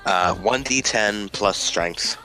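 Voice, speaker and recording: A man's voice: fairly low pitch, slow pace, pushed and bright, soft background music. A man playing a tabletop game who narrates his hero's actions and cracks jokes. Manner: playful, jokey in-character narration. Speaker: player. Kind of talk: casual tabletop play.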